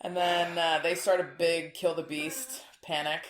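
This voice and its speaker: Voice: medium pitch, level tone, a little slow, a bit bright, slight background noise. A podcast co-host in casual chat about a movie, adding plot details in a matter-of-fact way. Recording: roomy, echoey room.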